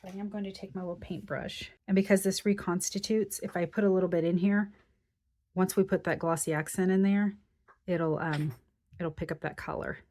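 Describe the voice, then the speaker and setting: Brief: woman craft host, lowish voice, relaxed chatty walkthrough at her table. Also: normal speed. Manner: chatty, thinks aloud while working. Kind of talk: casual craft tutorial.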